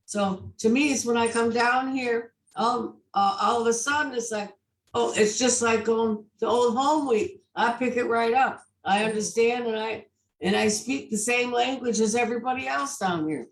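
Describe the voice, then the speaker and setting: A woman who is a guest on a casual panel discussion, chatty and quick to laugh and agree. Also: a little high. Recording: echoey room, mic far off.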